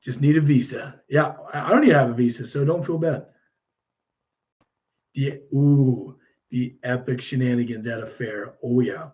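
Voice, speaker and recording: A man hosting a casual live stream, musing aloud while painting miniatures and chatting with viewers in a relaxed way. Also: medium pitch, a little fast, hardly any pauses, dull audio. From United States. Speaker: livestream host painting miniatures.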